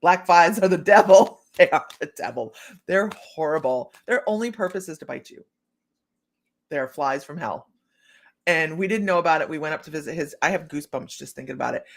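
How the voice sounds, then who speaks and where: A gravelly, deep-voiced woman from Ohio, United States, hosts a livestream of psychic readings. She talks casually with viewers by name and laughs often while reading the cards.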